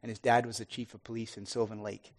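A man's voice: fairly low pitch, fast talker. Earnest man telling a testimony. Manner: earnest, animated, frequent restarts, loud and soft swings. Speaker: preacher giving testimony. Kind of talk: sermon testimony storytelling.

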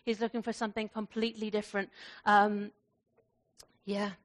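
A woman pastor preaching a sermon in a warm, conversational way, laughing often and slowing down to recite prayer. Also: mid-range voice, flat delivery.

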